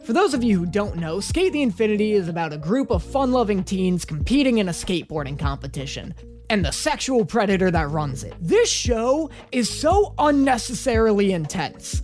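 A woman hosting a comedic reaction video, talking in a sarcastic, animated and profane way. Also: mid-range voice.

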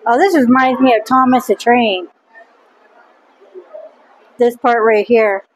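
Excited woman pointing things out. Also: a little high, slow, a little hiss or hum, low-quality recording. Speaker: vlog co-host. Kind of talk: casual vlog chat. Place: indoor museum model railroad exhibit.

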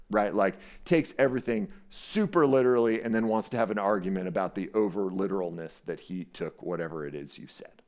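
A middle-aged man preaching a conversational sermon as pastor, playful and animated, often checking in with "right?" and acting out scripture quotes. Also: on the low side. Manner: acts out scripture quotes dramatically.

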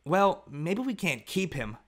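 A man doing a calm frontier mother. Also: on the high side, a little slow, voice pushed up.

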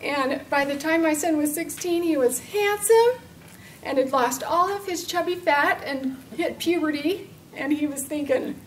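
A woman's voice: sits high, measured pace, far from the mic, slight background noise, low-quality recording. A middle-aged woman giving an earnest personal testimony as a parent specialist, telling a story with many fillers.

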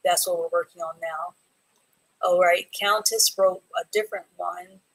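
A woman teaching a live online reading class, reading students' sentences from the chat and praising them slowly and clearly. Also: fairly low pitch, steady tone, rough recording. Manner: encouraging, slow and clear, praising students by name.

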